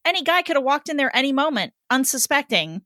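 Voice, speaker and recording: A woman's voice: high voice, big pitch swings, quick pace, sharp tone, no room sound, clean studio sound. A young adult woman co-hosting a podcast, chatting casually in a teasing, playfully sarcastic way. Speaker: podcast co-host. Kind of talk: casual chat.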